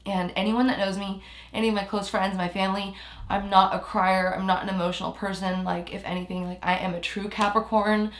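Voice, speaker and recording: A woman's voice: mid-range voice, level tone, fairly quick. Young woman, tearful, rambling vlog talk, echoey room. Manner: rambling, heavy use of "like", emotional. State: close to tears. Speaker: vlogger. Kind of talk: emotional personal vlog talk.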